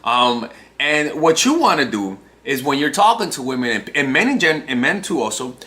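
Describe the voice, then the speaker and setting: A man's voice: medium pitch, big pitch swings, moderate pace, bright, forceful tone. A man in his twenties, a dating coach talking casually to camera, restarting phrases and often tagging on "right?". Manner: talks in loose restarts and checks in with "right?".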